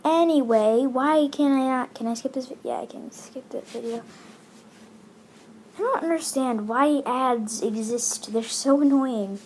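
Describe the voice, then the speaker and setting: Slow, rambling woman gamer. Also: sits high, darkish tone, a little hiss or hum. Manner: rambling, chatty, lots of fillers. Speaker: gaming channel host. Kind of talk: casual gameplay commentary.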